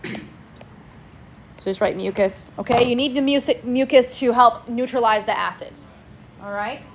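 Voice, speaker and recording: A woman's voice: on the high side, a little slow, slight background noise. A woman teaching a class in a casual, chatty way, prompting students to answer back. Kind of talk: classroom lecture.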